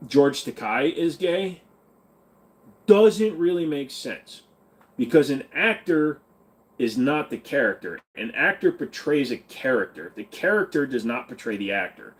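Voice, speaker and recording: A man's voice: medium pitch, lively intonation, a little slow. A man hosting a casual livestream who reads viewer comments aloud and answers them in a blunt, irreverent way. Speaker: livestream host reading chat.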